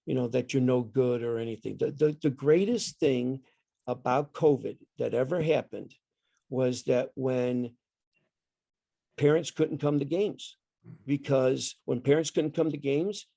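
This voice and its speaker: A man's voice: mid-range voice, unhurried, gravelly, dark tone, no room sound. An older man, a retired coach, telling stories in a rambling casual chat, often repeating words. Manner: rambling, repeats words, acts out his dad in the story. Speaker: guest, retired basketball coach.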